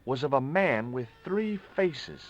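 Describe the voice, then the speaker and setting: A man's voice: mid-range voice, very animated, unhurried, highs cut off, over music. An actor playing a curious, polite adult male adventurer in video game dialogue.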